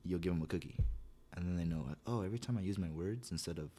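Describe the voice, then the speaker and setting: A man's voice: low voice, very fast, warm tone, slightly rough. A young man and school psychologist chatting casually, rambling with lots of fillers and acting out the quotes in his stories. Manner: rambling storyteller, filler-heavy, acts out quotes. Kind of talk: casual podcast chat.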